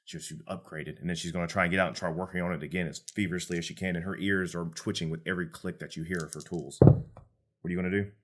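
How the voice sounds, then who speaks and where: A man narrating as game master of a tabletop game, relaxed and descriptive. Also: low-pitched, fast talker.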